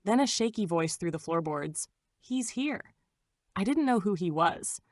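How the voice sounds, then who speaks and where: Female storyteller, low register, dramatic scripted first-person narration. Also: animated, normal speed, no room sound. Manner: dramatic, suspenseful.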